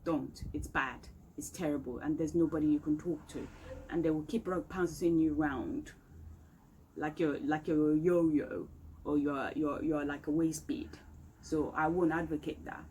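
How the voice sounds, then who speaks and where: A woman's voice: deep voice, fairly even intonation, unhurried, dark tone, low-quality recording. A woman vlogging an emphatic, exasperated complaint from her home. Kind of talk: complaint rant to camera. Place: home room, indoors. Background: faint outdoor street noise.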